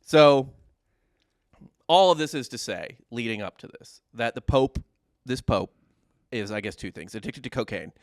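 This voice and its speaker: A man's voice: mid-range voice, lively intonation, normal speed, no echo, clean studio sound. Man casually retelling history. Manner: joking, loose, swears casually. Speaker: podcast host, storyteller. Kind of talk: casual comedic history podcast narration.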